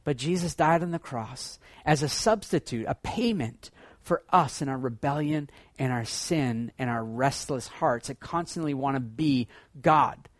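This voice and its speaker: Animated male pastor preaching. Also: measured pace, dry recording, clean studio sound. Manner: animated, swinging from loud excitement to hushed low tones. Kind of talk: sermon.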